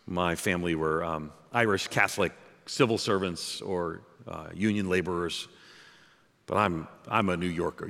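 A man's voice: deep voice, normal speed, creaky, fairly bright tone. A man from outside New York City preaching a sermon as pastor, emphatic and repetitive, with joking asides. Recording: long reverb of a large hall.

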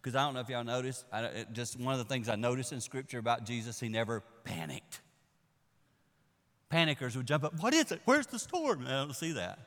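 Bright-voiced man preaching in an echoey hall. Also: mid-range voice, brisk. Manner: animated storytelling, swinging from hushed to loud. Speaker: pastor. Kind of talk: sermon.

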